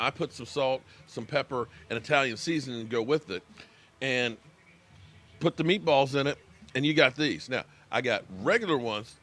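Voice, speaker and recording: A man's voice: medium pitch, fairly bright tone. An American man hosting a casual live sports reaction stream, chatting with viewers by name and talking while he eats.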